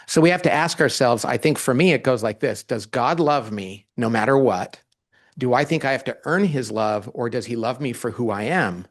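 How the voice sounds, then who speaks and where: Animated man telling stories. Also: medium pitch, moderate pace. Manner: animated storytelling, acts out quoted dialogue. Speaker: guest author. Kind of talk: conversational interview.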